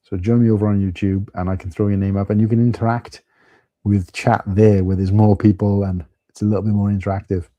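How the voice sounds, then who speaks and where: Low, mellow Welsh man chatting. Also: flat delivery, fairly quick, no echo, muffled recording. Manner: chatty, addresses viewers as mate. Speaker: live-stream host. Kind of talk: casual live-stream chat.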